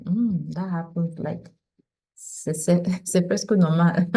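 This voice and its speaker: A woman's voice: lowish voice, a little slow, dark tone, low-quality recording. A woman teaching a French lesson, explaining patiently and repeating each conjugation aloud. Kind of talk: casual spoken lesson.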